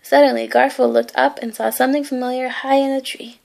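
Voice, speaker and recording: High gravelly woman reading a bedtime story. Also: level tone, fairly quick. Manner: gentle, with small asides. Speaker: reader.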